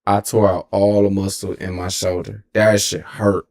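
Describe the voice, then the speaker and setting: Streamer, Texan man, twenties, deep gravelly voice, loose profane storytelling. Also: little pitch movement, moderate pace, a little mellow. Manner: rambling and profane, with frequent self-corrections. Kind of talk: casual storytelling.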